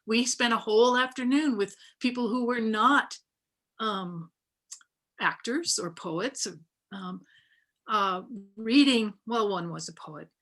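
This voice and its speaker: A book artist speaks reflectively on a panel held over video call, her voice fairly high, slow, and a little bright. She uses lots of fillers and restarts as she gives her talk.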